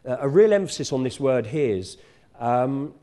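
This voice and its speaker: A middle-aged man preaches in a relaxed, conversational way, often stopping to restart his sentences. His voice is mellow and dark, sitting at an ordinary pitch for a man. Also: measured pace. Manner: conversational, self-correcting, warm teaching tone. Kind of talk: sermon. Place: church.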